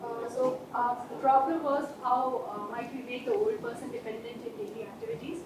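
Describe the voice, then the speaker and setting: A woman student giving a hesitant answer in a classroom, pausing on fillers. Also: high voice, big pitch swings, noisy background. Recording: echoey room, far from the mic, chatter around.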